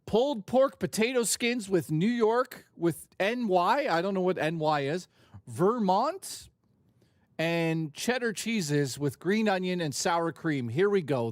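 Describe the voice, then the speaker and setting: Animated, swearing male streamer. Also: sits high, no room sound, studio quality. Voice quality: animated, profane, joking. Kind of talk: casual live-stream chat.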